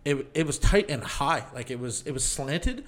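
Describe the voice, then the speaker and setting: A man's voice: mid-range voice, expressive, normal speed. A man telling a dramatic personal story in casual chat, rambling with lots of "like" and restarts, emotional enough to get choked up. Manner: rambling, heavy use of "like", restarts often.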